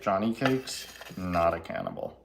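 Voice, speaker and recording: A man's voice: deep voice, a little slow, vocal fry, a little hiss or hum. A man hosting a live baking stream from his home kitchen, chatting casually, joking and laughing often. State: laughing through a cut finger.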